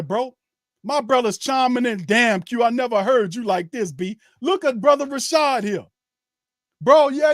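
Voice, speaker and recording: Angry high-voiced New man ranting. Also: no echo, clean studio sound. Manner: repeats himself for emphasis. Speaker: sports show host. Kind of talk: heated live fan commentary.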